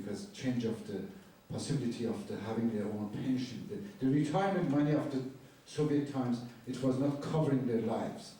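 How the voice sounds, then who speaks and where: An older photojournalist gives a university lecture with slides, telling war stories to the audience in earnest, halting non-native phrasing and raising his voice whenever he quotes people. His voice is medium-pitched and dark in tone. The recording is roomy and distant, captured in the hall with slight background noise.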